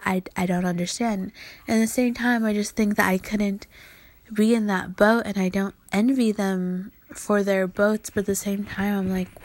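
A woman's voice: medium pitch, fairly even intonation, normal speed, a little mellow, no echo. Woman in her twenties, solo podcast host, rambling sweary monologue, dry close recording. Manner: rambling, sweary, drifting into whispers.

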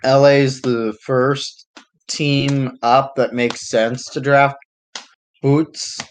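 A man chatting casually about a sports league, hesitant and unhurried, with frequent ums and restarts. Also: medium pitch, flat delivery, slight background noise, low-quality recording.

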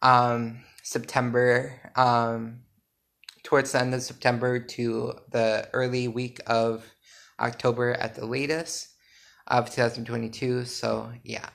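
A drowsy man talking straight to his listeners in a loose, unscripted podcast update. His voice sits in an ordinary middle register. He wanders through his points with frequent fillers and quick self-corrections. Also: medium pitch, level tone, vocal fry, fairly bright tone. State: sleepy. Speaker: podcast host and small business owner. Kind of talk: casual solo podcast update.

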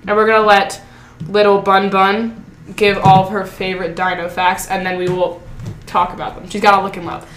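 A woman's voice: medium pitch, little pitch movement, moderate pace, a little hiss or hum. A teenage girl hosting a casual podcast, chatting and giggling with friends. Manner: giggly, mumbles asides. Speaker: podcast host. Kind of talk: casual chat. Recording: echoey room with chatter.

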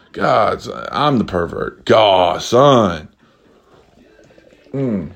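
Animated, foul-mouthed young man telling a story. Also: mid-range voice, normal speed. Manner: profane, animated, slangy ranting. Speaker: vlogger telling a story to viewers. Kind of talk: casual storytelling with drinking.

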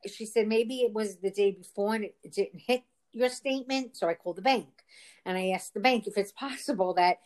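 A woman in casual chat tells a long, rambling story with exasperation. She keeps quoting back and forth what each person said. Her voice sits at a middle pitch. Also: brisk, a little mellow. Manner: exasperated, rambling retelling with quoted dialogue.

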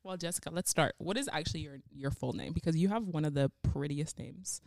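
A woman's voice: low voice, brisk, creaky, darkish tone, no room sound, clean studio sound. A young woman guest-interviewing on a podcast, bubbly and giggly, chatting in long run-on stretches. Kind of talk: casual podcast chat.

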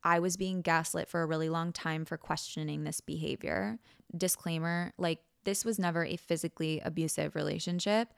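A woman's voice: low voice, fairly even intonation, normal speed, vocal fry, smooth, no echo, studio quality. A young woman hosting a podcast, telling a personal story frankly and vividly, acting out quoted lines and swearing casually. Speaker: podcast host.

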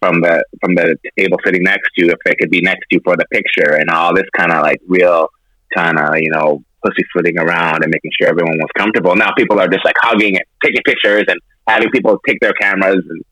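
A man's voice: sits low, steady tone, fast talker, pushed and bright, dry recording, rough recording. A man co-hosting a casual podcast over a video call, rambling with plenty of fillers. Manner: rambling, lots of fillers and restarts. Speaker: podcast co-host. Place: remote, on a call from Hawaii.

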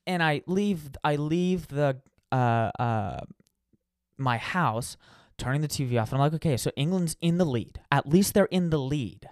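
Man, casual storytelling, smooth clear voice, dry close sound. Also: on the high side, normal speed, dry recording. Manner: animated storyteller, restarts and acts out quotes. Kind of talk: casual chat.

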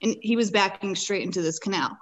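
A woman's voice: medium pitch, fairly quick, rough recording. A woman guest on a podcast, recounting a personal experience in earnest, vivid detail. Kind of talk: personal storytelling in a conversation.

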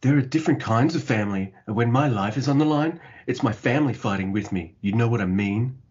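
A man's voice: mid-range voice, a little fast, a little mellow, breathy edge, dull audio, lightly acted. Young female mercenary fighter, read by a man. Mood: earnest. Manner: plain normal voice, no girly voice.

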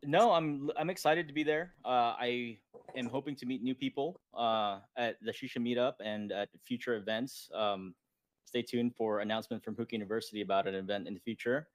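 A man's voice: mid-range voice, fairly quick, no room sound. A man on a podcast roundtable, hesitant with many fillers but encouraging to listeners. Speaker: podcast guest. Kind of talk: casual roundtable chat.

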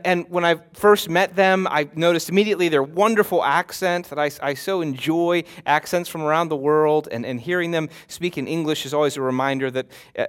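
Man, sermon, high voice, earnest, stammering restarts, emphatic slow stresses. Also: a bit bright. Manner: slows down and presses hard on key words. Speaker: pastor.

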